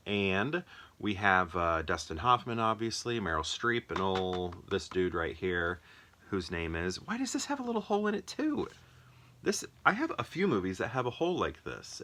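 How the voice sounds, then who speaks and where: A man's voice: low-pitched, sharp tone. A man casually ranking movies in a monologue, rambling and thinking aloud with lots of fillers. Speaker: movie reviewer.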